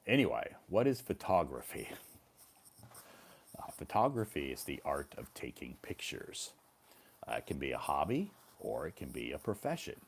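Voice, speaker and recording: A man's voice: deep voice, darkish tone. A male English teacher giving a casual live-stream lesson, explaining patiently and repeating words for learners. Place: living in China.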